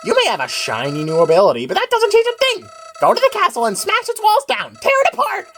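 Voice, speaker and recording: A woman's voice: very high voice, huge pitch swings, quick pace, fairly bright tone, a little hiss or hum, voice pushed up, exaggerated voice. A woman voicing a scheming, vicious male talking flower who bosses and sneers. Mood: bossy. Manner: bossy, sneering, scolding.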